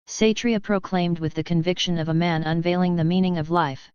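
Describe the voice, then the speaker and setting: A woman narrating a web novel audiobook in a steady storytelling voice. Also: on the low side, fairly quick, smooth, no echo, highs cut off. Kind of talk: scripted narration.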